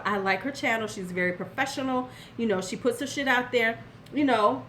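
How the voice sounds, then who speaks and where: A woman's voice: a little high, brisk, a bit bright, slight background noise. Blunt older woman giving sassy advice. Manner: blunt, sassy advice, talking straight to the viewer. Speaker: beauty vlogger. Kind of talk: casual commentary vlog.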